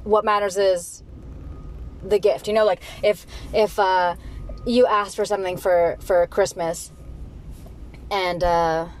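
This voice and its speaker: Woman, casual solo monologue, animated, swears, faint vehicle hum. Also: takes it slowly, pauses often, rough recording. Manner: animated, acts out whiny voices in high pitch, swears freely.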